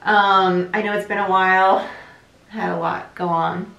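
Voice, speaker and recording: A young woman from New Jersey giving a casual tarot reading, talking quickly in a chatty, rambling way. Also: mid-range voice, fairly even intonation, creaky, a bit bright, lo-fi sound. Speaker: tarot reader. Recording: echoey room.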